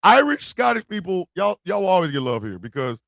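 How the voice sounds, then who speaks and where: An American man hosting a podcast, joking loudly and laughing through rowdy casual banter. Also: high-pitched, sing-song, brisk, gravelly, no echo. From United States. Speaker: podcast host. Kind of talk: comedic casual chat.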